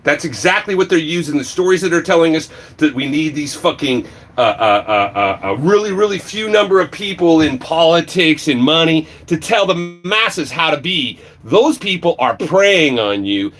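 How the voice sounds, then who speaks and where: A man ranting on a livestream, swearing a lot and swinging between shouting and low muttering. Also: lively intonation, normal speed. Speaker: livestream vlogger. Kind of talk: angry profane rant.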